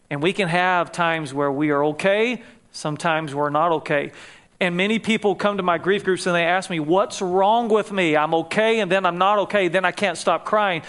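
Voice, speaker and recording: High-voiced man preaching on grief. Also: fairly bright tone. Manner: conversational, asks the audience questions, jokes lightly. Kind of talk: sermon to a live audience.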